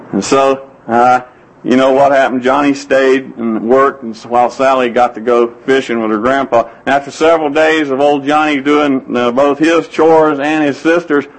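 A man's voice: mid-range voice, fairly even intonation, moderate pace, rough recording. A man preaching a sermon, telling folksy stories and quoting scripture. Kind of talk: sermon with anecdotes.

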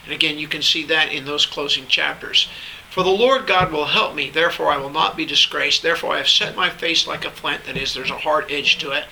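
A man's voice: a little high, fairly quick, vocal fry, bright, forceful tone, a little hiss or hum, poor audio. A man teaching a Bible class, reading scripture aloud and then explaining it in loose asides, often checking in with the class. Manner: checks in with the class by asking "all right?".

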